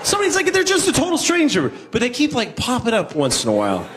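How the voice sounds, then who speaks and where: A man's voice: extremely high pitch, wildly swooping pitch, quick pace. A man doing an observational stand-up routine with a wry, rambling delivery and silly impressions. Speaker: stand-up comedian. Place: comedy club before a live audience. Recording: crowd laughter and ambient noise.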